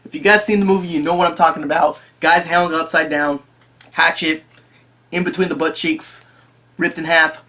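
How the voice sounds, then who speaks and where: A movie reviewer talking casually to the camera, excitable, often repeating and restarting phrases. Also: medium pitch, moderate pace.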